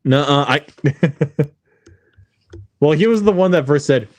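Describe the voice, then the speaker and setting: A man's voice: on the high side, expressive, slow pace, darkish tone, no room sound. A man co-hosting a movie watch-along, chatting casually, joking and laughing often. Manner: jokey, laughs often, repeats running gags.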